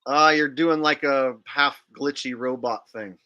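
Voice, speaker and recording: A man's voice: medium pitch, unhurried, highs cut off. A man hosting a casual open panel chat over a video call, telling stories and acting out movie quotes with energy. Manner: animated storyteller, acts out quotes. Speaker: host.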